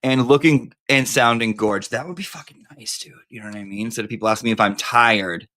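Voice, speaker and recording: A man's voice: medium pitch, a little fast, pushed and bright. Man, live-stream host, casual chat, campy, swears a lot, rambling.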